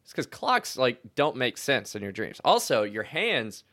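A young man telling stories in casual chat, slangy and animated, acting out what he said with big bursts of excitement. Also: mid-range voice, a little slow. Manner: animated storyteller, slangy, acts out quotes loudly.

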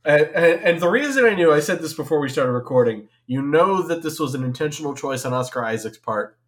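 A man's voice: on the high side, lively intonation, a little fast. A man in his thirties on a podcast, talking in a rambling, hesitant way with many fillers. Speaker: podcast co-host. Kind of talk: casual podcast chat.

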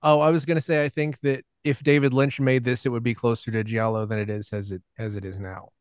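A man's voice: medium pitch, little pitch movement, fast talker, clean tone, no room sound, studio quality. A man in a casual podcast film discussion, easygoing and often laughing as he talks. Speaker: podcast panelist.

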